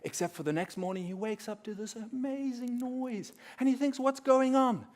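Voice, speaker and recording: A young adult man speaking to a room of listeners, his voice sitting a little higher than most men's. He tells a comic story with lively energy, dropping to a hush and then jumping up loud to play the people in it. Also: normal speed. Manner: animated, acting out quoted characters with big swings in loudness. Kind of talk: lively storytelling talk to an audience. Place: conference room.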